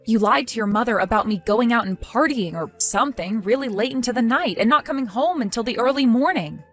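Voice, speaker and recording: A woman's voice: on the high side, animated, fairly quick, soft background music, lightly acted. A woman voicing a defensive, exasperated young wife in a text-story drama, pleading and indignant.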